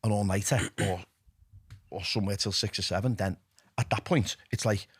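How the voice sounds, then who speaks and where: A middle-aged man with a Liverpool accent, telling his own story as a podcast guest, lively and candid, dropping to a hush when he quotes himself. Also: lowish voice, normal speed, breathy edge. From England. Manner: animated, drops to a hushed voice when quoting himself.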